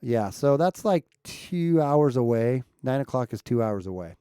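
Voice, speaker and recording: A man's voice: medium pitch, animated, unhurried, dark tone, clear, resonant tone, no echo, clean studio sound. A man chatting casually with viewers on a live stream, checking his mic and asking the chat questions as he talks. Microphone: streaming mic at home setup.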